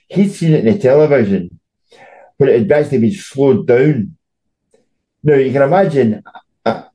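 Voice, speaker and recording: A middle-aged Scottish man talks football on a podcast in a mellow, dark-toned voice. He tells long anecdotes and often repeats a word before getting his sentence going. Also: mid-range voice, rough recording. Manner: storytelling, repeats words when starting sentences. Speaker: football journalist, podcast co-host. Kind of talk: casual football chat.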